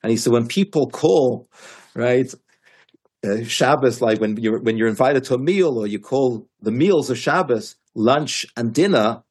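A man's voice: mid-range voice, unhurried, darkish tone, breathy edge. A man giving a Torah class as a teacher, telling stories animatedly with frequent restarts and emphatic quotes.

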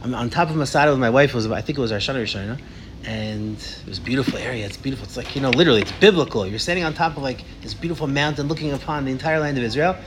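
A man leading a casual Torah discussion, telling stories in an animated way with many restarts. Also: medium pitch, very fast, noisy background.

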